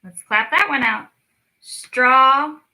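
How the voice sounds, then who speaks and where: A young woman leading a children's lesson, stretching words out slowly and cheering the kids on. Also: fairly high pitch, lively intonation, pushed and bright, a little hiss or hum, low-quality recording. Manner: slow, drawn-out words for children, encouraging. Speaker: speech clinic storytime teacher. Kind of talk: children's lesson, clapping out syllables.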